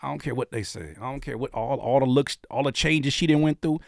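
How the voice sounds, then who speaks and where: A man giving casual, joking reaction commentary as a YouTube host, animated and often dropping into quiet asides. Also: medium pitch, fairly quick, hardly any pauses, no room sound, studio quality.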